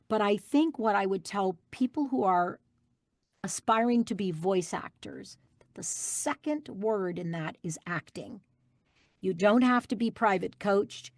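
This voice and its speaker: A woman's voice: medium pitch, no room sound, clean studio sound. A woman guest voice actress giving an emphatic interview answer, insisting on her point and repeating key phrases.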